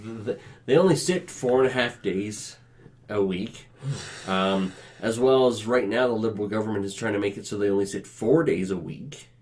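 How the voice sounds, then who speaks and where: A man from Alberta hosting a casual political chat, explaining things in a measured way with many fillers. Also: on the low side, a little mellow. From Alberta, Canada. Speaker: podcast host.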